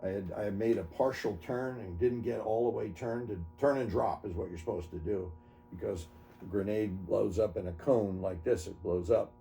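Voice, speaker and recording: A man in his seventies, an army veteran, recounting his memories in an oral history interview, halting and correcting himself as he goes. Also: on the low side, creaky, dark tone, faint music behind. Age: 70s. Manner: halting, self-correcting storytelling.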